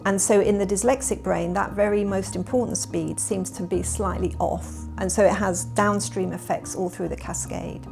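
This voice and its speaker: Measured woman professor, gravelly edge. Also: mid-range voice, steady tone, over music. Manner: measured, explanatory. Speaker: professor of education research. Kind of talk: documentary interview.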